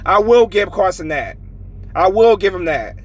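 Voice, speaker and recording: Man, high-pitched voice, angry fan rant, lots of cursing, repetitive, casual vlog. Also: lively intonation, normal speed, rough recording. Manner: frustrated, heavy swearing, repetitive ranting. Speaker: sports fan vlogger. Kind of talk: ranting fan commentary.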